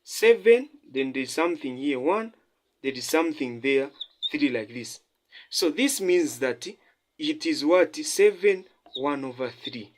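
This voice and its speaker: A man's voice: fairly high pitch, expressive, unhurried, a little hiss or hum. Man tutoring, asking "the what?". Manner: repetitive, quizzing listeners with "the what?" and "have you seen?"; emphatic, stressing points by repeating them. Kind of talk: math lesson at a whiteboard.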